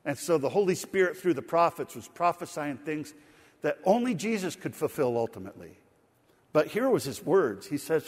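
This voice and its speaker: A middle-aged man preaching a sermon, telling a folksy story with laughter in an animated way. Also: on the high side, moderate pace, slightly rough. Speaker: pastor. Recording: sanctuary reverb.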